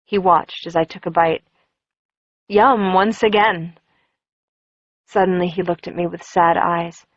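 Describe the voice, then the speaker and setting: Woman narrating with a lowish voice. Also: level tone, normal speed, hardly any pauses, dry recording, muffled recording. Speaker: audiobook narrator. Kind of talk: first-person audiobook narration.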